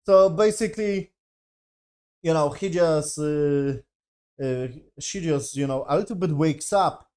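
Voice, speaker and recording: A man rants through a casual review of a TV series, swearing constantly and sounding exasperated. His voice sits a little high. His English is non-native, with loose grammar and rambling, restarting sentences. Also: unhurried, darkish tone, smooth.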